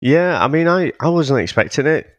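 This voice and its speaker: A man co-hosting a casual film review podcast, talking in a halting, thoughtful way with many restarts. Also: on the high side, expressive, dry recording. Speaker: podcast co-host.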